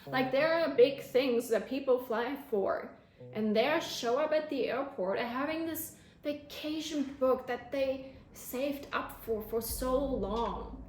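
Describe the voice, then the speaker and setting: A young woman vlogger telling her own story with animated feeling, with a turn of phrase. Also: sits high, takes it slowly, slight background noise. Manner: emotional, animated storytelling, close to tears at times. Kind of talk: storytelling vlog. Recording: echoey room with faint music.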